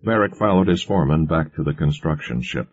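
A man reading a science fiction story aloud as narrator, in a steady storytelling manner. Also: extremely low pitch, fairly quick. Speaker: audiobook narrator. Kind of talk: scripted narration. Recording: muffled lo-fi recording.

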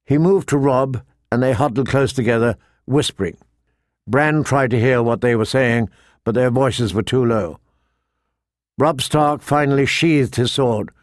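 A man narrating a fantasy novel in a measured, steady storytelling voice. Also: mid-range voice, dry recording, clean studio sound. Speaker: audiobook narrator.

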